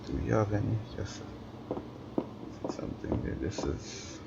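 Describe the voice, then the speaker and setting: A tired man giving slow, mumbling casual commentary over gameplay on a stream, talking to himself as he plays. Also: on the low side, lively intonation, gravelly. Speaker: gaming streamer. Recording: dull lo-fi stream audio with background noise.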